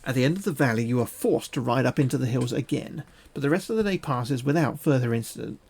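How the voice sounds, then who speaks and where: Gravelly man joking through a gamebook. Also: medium pitch, expressive, fast, darkish tone. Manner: crude, joking asides. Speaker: streamer. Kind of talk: reading a gamebook aloud with banter.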